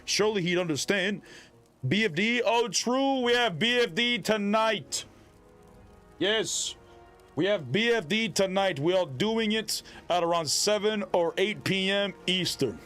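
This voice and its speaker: A man live-streaming to his chat, talking in a slightly high voice with loud, animated energy and bursts of shouting. Faint music plays softly behind him. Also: a little slow.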